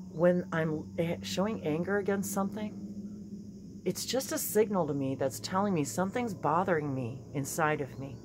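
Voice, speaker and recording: Woman, low voice, slightly hoarse morning voice, casual spiritual talk, chatty, laughs often. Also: noisy background. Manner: warm, chatty, laughs often, many fillers and restarts. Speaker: spiritual channeler and teacher.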